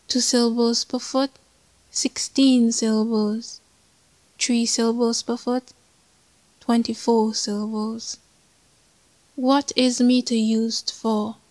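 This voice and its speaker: A woman narrating a scripted poetry lesson in a measured, deliberate way. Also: fairly high pitch, no echo, rough recording. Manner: measured, deliberate, even delivery. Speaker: poetry teacher.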